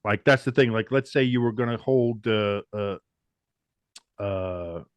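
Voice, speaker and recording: A man co-hosting a casual sports podcast, animated and swearing freely as he rants over a video call. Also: lowish voice, unhurried, clear, resonant tone, dry recording. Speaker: podcast co-host.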